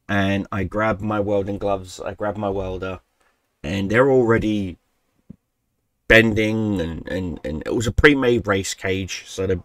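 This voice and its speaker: Low-voiced man telling a profane story. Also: no room sound. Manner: profane, rambling, self-correcting. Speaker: gaming channel host. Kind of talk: casual storytelling. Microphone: desk microphone he keeps bumping.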